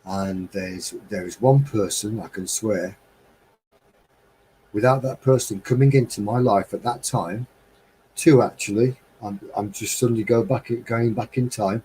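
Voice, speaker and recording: A middle-aged man from England talks to his live stream viewers in a low, mellow voice. His delivery is heartfelt and wistful. He rambles, losing his thread now and then. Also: a little slow, a little hiss or hum, rough recording. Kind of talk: reflective casual monologue.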